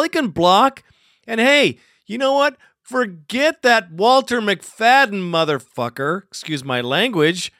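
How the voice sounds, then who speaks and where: A man hosting a fan call-in show, animated and fired up, swearing freely. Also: sits high, dry recording, clean studio sound. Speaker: host.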